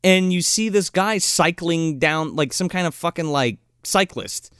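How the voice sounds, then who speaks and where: A man's voice: fairly high pitch, animated, measured pace, fairly bright tone, clear, resonant tone, no echo, clean studio sound. A man co-hosting a casual movie recap, rambling, swearing often and acting out the characters' lines. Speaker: podcast co-host.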